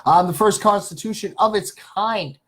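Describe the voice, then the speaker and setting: A man's voice: high-pitched, moderate pace, fairly bright tone, rough recording. A man hosting a casual live stream, greeting viewers by name and rambling through facts with many fillers. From Canada. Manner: reads viewer names and greets them. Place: small home studio.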